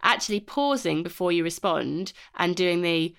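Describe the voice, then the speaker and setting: Low, gravelly-voiced British woman co-host. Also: expressive, moderate pace, fairly bright tone. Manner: explains with examples, many fillers. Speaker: podcast co-host. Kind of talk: casual podcast chat.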